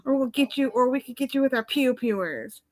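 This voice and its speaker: A man's voice: very high-pitched, lively intonation, a little fast. A woman quoting a bossy base guard. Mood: stern. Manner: bossy, threatening. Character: stern male military base night guard.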